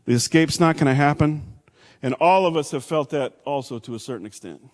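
A middle-aged man from Texas, preaching a sermon with big swings from loud to hushed. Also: a little high, brisk. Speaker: pastor.

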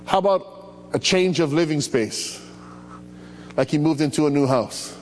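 A male pastor preaching in an animated, playful way, calling out to the congregation for responses. His fairly high voice carries through a hall with a long echo. A faint hum sits under the recording. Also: a little slow. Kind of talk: sermon. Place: church hall.

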